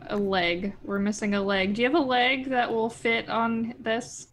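A woman's voice: on the high side, fairly even intonation, moderate pace, a little hiss or hum. A woman playing a tabletop role-playing game, chatting casually and joking as she describes her moves. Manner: jokey and playful. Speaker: player.

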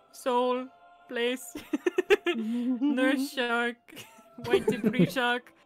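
A woman's voice: on the high side, steady tone, very slow, pauses often. A woman game master chatting casually after a session, laughing often and rattling off playful lists. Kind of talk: casual post-session chat. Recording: faint music behind the voice.

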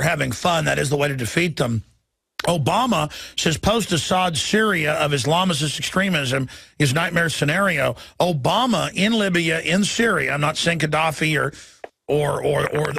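A man hosting a talk radio show with a gravelly, husky, fairly high voice. He sounds urgent as he stacks topics with many fillers, recorded close and dry. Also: fairly bright tone, no echo.

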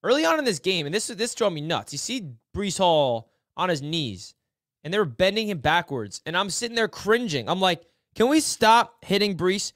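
A man hosting a casual football film breakdown, excitable, dropping to low mutters and then shouting in frustration or delight. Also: normal speed, no echo, clean studio sound. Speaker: sports film breakdown host.

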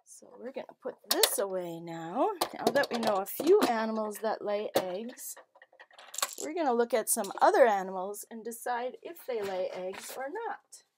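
A woman's voice: fairly high pitch, animated, normal speed, very noisy. A woman teaching young children at home, asking questions in a sing-song way and gasping at each reveal. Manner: sing-song, exaggerated questions and gasps for kids. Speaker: children's storytime presenter.

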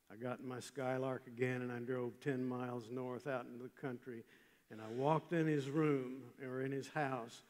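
An older man preaching a chapel sermon, telling a story with emphatic swings from loud passages to hushed ones. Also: medium pitch. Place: large chapel. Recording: long hall reverb.

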